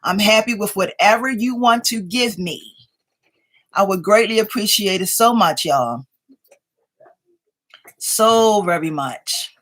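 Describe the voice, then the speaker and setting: A woman's voice: mid-range voice, slow pace, long pauses, fairly bright tone. A woman hosting a casual craft livestream from home, greeting viewers by name as they join and chatting along, a little sleepy. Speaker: craft channel host.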